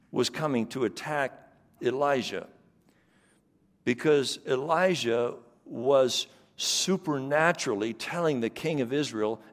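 Man preaching in a reverberant hall. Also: mid-range voice. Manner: preaching with rising emphasis and repeated phrases. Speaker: pastor. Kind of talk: sermon.

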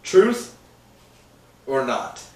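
A man's voice: mid-range voice, big pitch swings, extremely slow, darkish tone, far from the mic. A young adult man co-hosting a podcast, self-mocking and profane in casual chat. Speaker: podcast co-host. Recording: echoey room, away from the mic.

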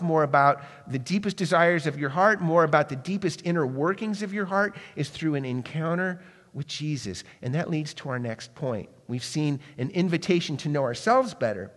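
A man's voice: a little high, long reverb tail. A man preaching a sermon, asking the listeners questions and sometimes dropping his voice to a near-whisper. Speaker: pastor.

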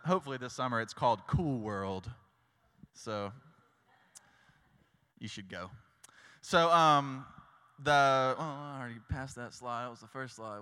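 A man's voice: mid-range voice, bright, forceful tone, clean tone. A young man preaching a casual sermon, chatty and full of "like" and "y'all". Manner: chatty, with lots of likes and y'alls. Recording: long hall reverb.

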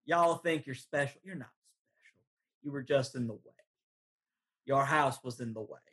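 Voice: medium pitch, moderate pace, a bit bright, slightly rough, voice pushed down. A game master voicing a menacing old male farmer with a Southern drawl who rules a flock of turkeys, giving grandiose, scornful speeches. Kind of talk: tabletop game role-play.

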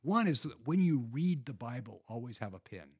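A man with a slightly husky voice explains practical spiritual habits in a relaxed, conversational way. He repeats words and restarts often while he works through his points. His pitch sits in an ordinary middle range. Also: normal speed. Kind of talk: casual conversational teaching.

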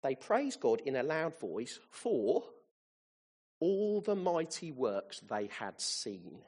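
Guy preaching, husky voice, pitch swings all over, gets really fired up. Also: takes it slowly. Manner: animated, rising to excited peaks. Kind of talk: sermon.

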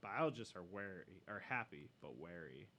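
A man's voice: low-pitched, sing-song, normal speed, sharp tone. A man co-hosting a casual podcast, reading a news story aloud with profane, sardonic asides. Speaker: podcast co-host.

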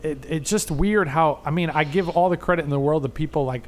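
Chatty rambling man, slightly high voice. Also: fairly quick, a little mellow. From Boston area, USA. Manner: chatty, rambling, self-interrupting explainer. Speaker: podcast co-host. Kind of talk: casual podcast chat.

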